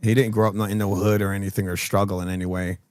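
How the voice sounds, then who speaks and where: A man's voice: low voice, level tone, fast talker, darkish tone, no room sound, studio quality. A man co-hosting a podcast, talking bluntly and mockingly in casual chat. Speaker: podcast co-host.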